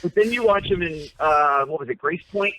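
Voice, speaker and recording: A man's voice: a little high, fairly quick, very noisy. A man co-hosting a casual chat from a parked car, talking through his phone and rambling with many fillers and restarts. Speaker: co-host. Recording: tinny phone line.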